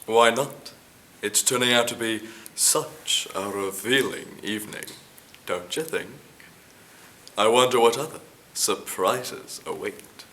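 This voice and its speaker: A man playing a composed figure who lists the suspects and hints at secrets in a measured, insinuating way. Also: medium pitch, sharp tone. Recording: echoey room with faint background noise.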